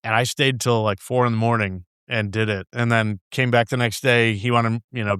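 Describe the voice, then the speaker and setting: A man's voice: mid-range voice, fairly even intonation, normal speed, fairly bright tone, clear, resonant tone, no echo. Man telling rambling studio podcast stories. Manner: rambling, laughs often, swears, acts out his boss's lines. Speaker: guest brewer. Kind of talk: casual storytelling chat. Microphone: studio microphone.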